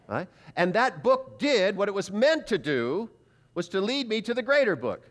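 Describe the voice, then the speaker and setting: A middle-aged man preaching at a prophecy seminar, telling his conversion story in an animated way and acting out his past thoughts. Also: high-pitched, normal speed. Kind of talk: personal testimony sermon.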